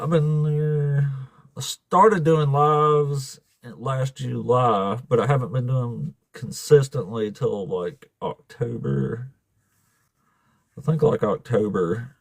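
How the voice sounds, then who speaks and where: A man with a Southern Alabama drawl hosts a live stream in a loose, blunt way, cussing without a second thought and laughing between remarks. His voice is medium in pitch and recorded close and dry, with no room sound. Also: no room sound. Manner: blunt, swears freely, laughs often. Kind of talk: casual live-stream chat.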